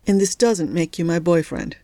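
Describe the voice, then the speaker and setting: A woman's voice: fairly low pitch, animated, normal speed, warm tone, no room sound. A woman voicing a wry, teasing young woman in an audiobook, close to her own voice. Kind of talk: audiobook character voice.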